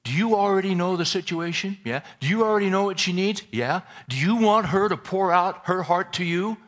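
A male pastor delivering a sermon in a bright, lifted voice. His pitch leaps about as he fires rhetorical questions and folksy asides at the room. His delivery is animated and conversational. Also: fairly quick.

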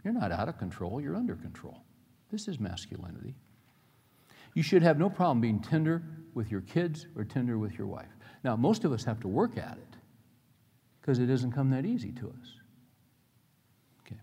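A man's voice: mid-range voice, sing-song, normal speed, gravelly, pauses often, mellow, slightly rough. A middle-aged male pastor preaching a sermon, telling personal stories in earnest, folksy language. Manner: earnest storytelling with plain folksy phrasing. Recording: long reverb of a large hall.

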